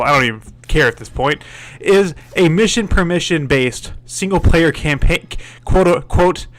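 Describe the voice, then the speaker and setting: A man voices a game review, complaining with plenty of swearing and stumbling over his words. He sounds exasperated and profane, stammering and restarting, in a voice on the high side with a fairly bright tone.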